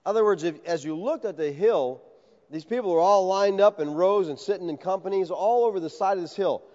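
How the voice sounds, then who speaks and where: Preaching an expository sermon, a man talks in a conversational, animated style and acts out the voices of those he quotes. His voice is high and fairly quick, while the recording sounds dull and has a long hall reverb.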